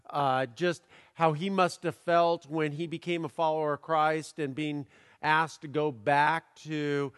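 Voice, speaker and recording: A man preaching a sermon, his voice set a little high for a man. He talks haltingly with lots of fillers and doubled words, then throws in playful puns. The recording carries the long reverb of a big hall. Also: a bit bright, clean tone. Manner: playful, punning delivery. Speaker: pastor. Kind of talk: sermon with jokes. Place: church sanctuary.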